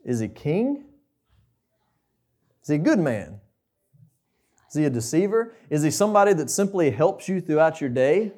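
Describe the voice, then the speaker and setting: A man's voice: fairly high pitch, very animated, moderate pace, pauses often, a little mellow. A young man preaching a conversational sermon, asking the listeners questions.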